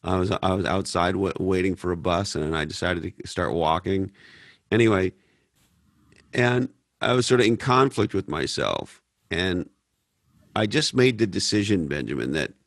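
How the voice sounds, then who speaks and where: A man's voice: low voice, dry recording, studio quality. A man from Canada hosting a podcast Q&A, blunt and profane, telling stories in a casual way. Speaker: podcast host. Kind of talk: casual Q&A talk.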